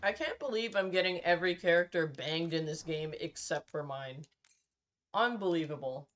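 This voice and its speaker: A woman's voice: on the low side, a bit bright. Crude joking woman streamer. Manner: crude, joking, laughing, tipsy banter. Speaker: game streamer. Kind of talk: casual live-stream chat.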